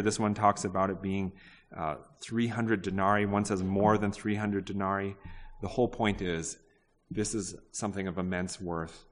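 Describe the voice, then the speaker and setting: A pastor with a lowish, somewhat bright voice preaches conversationally, putting questions to the congregation and often restarting sentences. A large hall's long reverb surrounds him.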